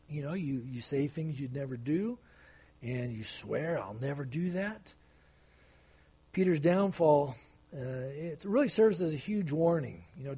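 A man's voice: a little high, mellow, breathy edge. A male pastor preaching an expository sermon, conversational and emphatic, with sudden surges of intensity.

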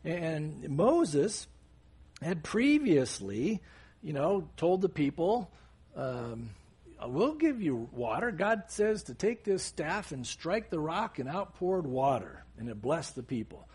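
Husky, animated male preacher. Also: a little high, takes it slowly. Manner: animated, conversational teaching with asides. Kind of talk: sermon.

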